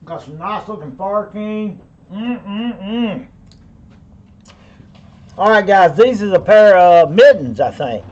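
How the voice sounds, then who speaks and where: A man's voice: high-pitched, lively intonation, takes it slowly, long pauses, darkish tone, lo-fi sound. A man with a Southern US accent running a live online auction, rambling in a folksy way and calling viewers by name. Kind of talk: live-stream auction patter.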